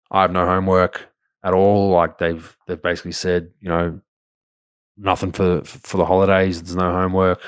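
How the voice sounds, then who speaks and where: A man's voice: deep voice, dry recording, studio quality. A man in his thirties, a podcast host telling crude, blunt stories in casual talk. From Australia. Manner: blunt, crude, animated anecdotes. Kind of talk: casual storytelling.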